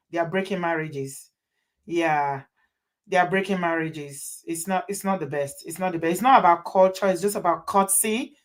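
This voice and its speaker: A woman hosting, giving advice to viewers in an emphatic way and repeating her points. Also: on the low side. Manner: emphatic, repeats phrases for effect. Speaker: host.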